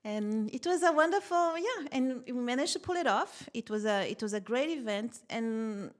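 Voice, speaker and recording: Lively woman telling a story. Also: a little high, normal speed. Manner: animated, laughs often while telling stories. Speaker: podcast guest, tech founder. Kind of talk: casual interview storytelling.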